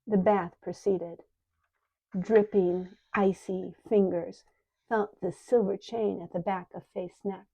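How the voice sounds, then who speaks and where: Older lady reading her own novel aloud, mellow lowish voice, calm, kinda muffled recording. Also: takes it slowly, gravelly. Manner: calm, even storytelling. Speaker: author and narrator. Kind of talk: audiobook narration. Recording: dull lo-fi recording.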